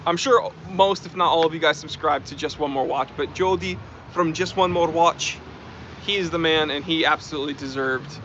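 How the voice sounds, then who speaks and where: A man's voice: a little high, moderate pace, fairly bright tone, a little hiss or hum. A man hosting a casual live stream, chatting and reading out and thanking viewer comments. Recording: dull lo-fi stream audio.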